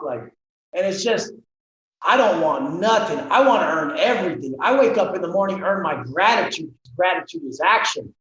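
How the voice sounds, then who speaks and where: A man guest on a podcast interview, talking bluntly and forcefully and swearing freely. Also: high voice, lively intonation, normal speed. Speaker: guest, fitness coach. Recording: roomy, dull sound with faint noise.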